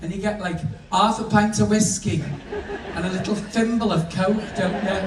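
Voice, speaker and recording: A man's voice: sits high, fairly even intonation, moderate pace. A man doing bawdy stand-up comedy on a cruise ship, chatting to the crowd. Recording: echoey room, distant mic, noisy.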